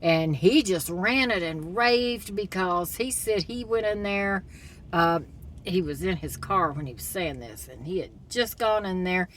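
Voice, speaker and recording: A woman's voice: on the low side, lively intonation, a little slow, fairly bright tone, a little hiss or hum. A woman in a casual vlog monologue, retelling a story and giving blunt, critical opinions. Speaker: commentator.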